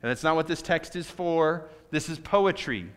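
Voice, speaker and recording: Casting: male pastor, smooth resonant voice, conversational preaching, long hall reverb. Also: fairly high pitch, animated, fairly bright tone. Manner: conversational preaching with dramatic pauses and swings in volume. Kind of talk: sermon.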